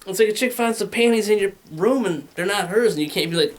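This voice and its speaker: A man in his thirties with a high voice rattles through a crude, rambling stand-up set at a quick pace, barely pausing. He talks into a handheld mic and performs voices with big swings.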